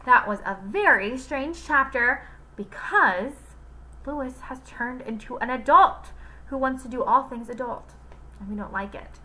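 A woman reading a children's book aloud in an expressive, unhurried way. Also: sits high, low-quality recording.

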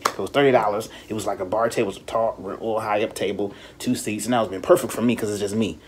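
A man hosting a podcast in casual chat, telling stories in an animated, profane way and mimicking people in high voices. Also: very fast, few pauses, slight background noise. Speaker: podcast host.

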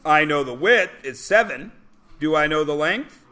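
A man teaches a classroom lesson, and his voice sits a little on the higher side. He is blunt and provocative and talks over his students. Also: animated, measured pace, pushed and bright. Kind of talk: classroom lecture.

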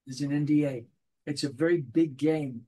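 An older man, a guest voice actor in a casual interview, has a slightly high, somewhat rough voice at a moderate pace. He tells stories with animation, acting out little voices in his anecdotes.

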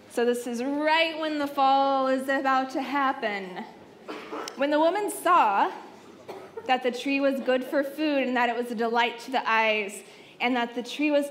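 A young adult woman giving a sermon at a youth conference. She tells the story expressively with playful asides and often drops into soft, hushed tones. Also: sits high, slight background noise. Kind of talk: sermon, Bible teaching. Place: conference stage.

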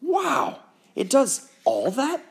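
Male reader playing a bold, giggly young girl in a storybook, high and bouncy. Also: wildly swooping pitch, slow, creaky, exaggerated voice. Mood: playful.

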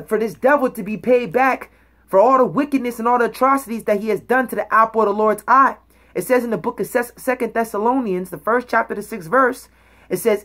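A woman's voice: on the high side, fairly bright tone. A woman teaching the Bible in an emphatic preaching style, reading verses aloud and checking in with her listeners after each point. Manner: emphatic, checks in with "okay?" and "all right?"; reads scripture aloud and explains words.

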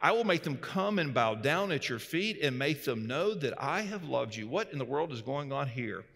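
A man preaching a sermon, emphatic and earnest, moving between raised exhortation and quiet storytelling. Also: mid-range voice, big pitch swings, normal speed, vocal fry. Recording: long hall reverb.

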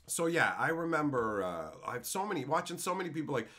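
A man's voice: fairly high pitch, quick pace, few pauses. A man streaming as he opens card packs, telling heated, profane stories in a casual way. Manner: animated, puts on voices for quotes. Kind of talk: casual storytelling.

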